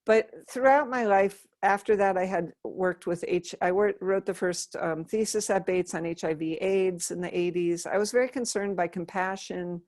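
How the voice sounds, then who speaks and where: A middle-aged American woman, a Buddhist nun, telling her life story in an interview in an earnest, soft-spoken way, often restarting her sentences. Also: medium pitch, moderate pace, few pauses, no room sound, clean studio sound.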